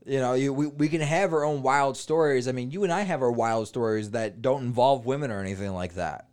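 A man's voice: medium pitch, brisk, smooth. A man, a stand-up comedian, casually telling rambling, profane stories on a podcast. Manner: profane, rambling, animated retelling with quoted dialogue.

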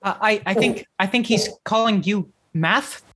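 A woman's voice: medium pitch, a little slow, a bit bright, a little hiss or hum. A woman playing a tabletop game, explaining things in a hesitant, stammering way. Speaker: player. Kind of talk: tabletop role-play.

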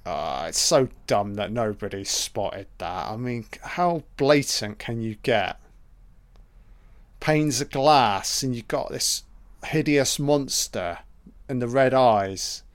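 A man giving a casual, profane running commentary on a film, reacting excitedly to each scene. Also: mid-range voice, takes it slowly.

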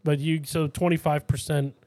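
A Massachusetts man co-hosting a podcast tells rambling stories in a casual chat packed with fillers, laughter and swearing. His voice is on the high side and a little mellow, with a level tone and normal speed, recorded dry.

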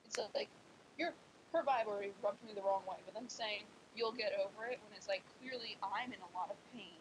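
A woman's voice: mid-range voice, a little fast, slight background noise, low-quality recording. A young woman venting in casual chat, her talk full of "like". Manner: venting, heavy use of "like".

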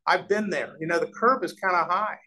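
A fairly quick, high-voiced middle-aged man from Nebraska, a real estate developer, tells business stories as an interview guest. He acts out the voices he quotes and restarts frequently, captured in a rough recording.

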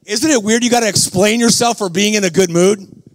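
A man preaching a sermon, telling stories in a slangy, fervent way that rises to shouts. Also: high-pitched, brisk. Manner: storytelling, rising to shouts.

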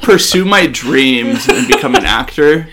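Male podcast host, joking, laughs a lot, lively inflection; noisy recording. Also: medium pitch, a little slow. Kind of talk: casual interview chat. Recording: loud background noise.

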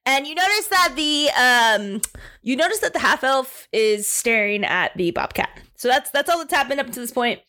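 Woman game master, slightly high voice, chatty, says like a lot. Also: animated, normal speed, sharp tone. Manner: chatty, lots of fillers. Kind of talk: narrating a tabletop game.

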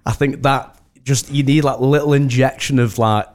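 A man's voice: mid-range voice, fairly even intonation, normal speed, darkish tone. A man from the UK, a wedding host, chatting casually as a podcast guest in a rambling way full of restarts. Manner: rambling, many restarts and "do you know what I mean".

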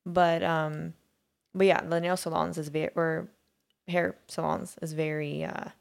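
A woman's voice: low voice, flat delivery, measured pace, vocal fry. A woman co-hosting a podcast, chatting casually and rambling with many fillers and restarts. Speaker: podcast co-host. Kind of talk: casual chat.

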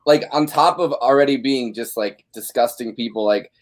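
A man's voice: medium pitch, moderate pace. A man co-hosting a casual podcast, talking loosely with swearing and lots of filler words. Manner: loose, profane, filler-heavy talk. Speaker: podcast co-host.

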